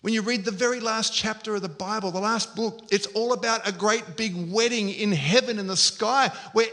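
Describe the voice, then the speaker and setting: A man's voice: sits high, brisk, few pauses, bright, forceful tone. A man preaching a sermon as pastor, telling Bible stories and acting out the quoted lines. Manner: storytelling, acts out quoted lines.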